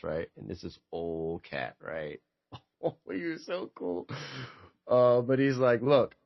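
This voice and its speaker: A man's voice: no room sound, dull audio. A man hosting a podcast, swapping sales stories in casual chat and acting out the people in them. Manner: animated storyteller, acts out quotes with big pitch jumps.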